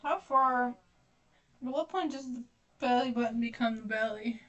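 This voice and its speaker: A woman's voice: on the high side, moderate pace, a bit bright, dull audio. A young woman streamer chatting casually while she paints, rambling, self-deprecating and swearing freely. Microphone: distant mic. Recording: voice distant from the mic.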